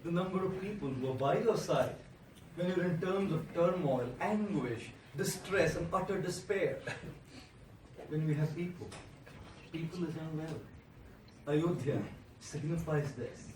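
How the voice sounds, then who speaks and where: A man's voice: on the high side, unhurried, slight background noise. A man, a monk giving a motivational speech, telling stories and repeating phrases for effect. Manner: animated storyteller with rhetorical repetition. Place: large indoor hall. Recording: echoey hall from a distant mic.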